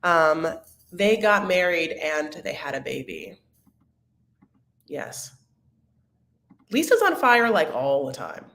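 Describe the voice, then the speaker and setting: A woman's voice: deep voice, takes it slowly, long pauses. Gossipy woman in an echoey room. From Arab-American. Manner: catty, dramatic, gossipy with sudden loud outbursts. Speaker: podcast host recapping a reality show. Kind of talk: casual recap chat.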